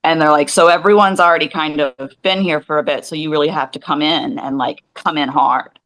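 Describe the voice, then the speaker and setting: Speaking briskly in a low voice, this forties-aged podcast co-host chats casually and rambles, animatedly performing the voices of people she quotes. The recording quality is poor.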